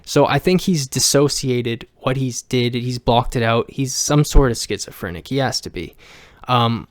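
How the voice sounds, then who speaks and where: A man's voice: medium pitch, normal speed, no echo, studio quality. Man ranting bluntly with heavy swearing. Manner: blunt, heavily profane, emotional venting; rambling with frequent restarts. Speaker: vlogger. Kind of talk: personal rant to camera.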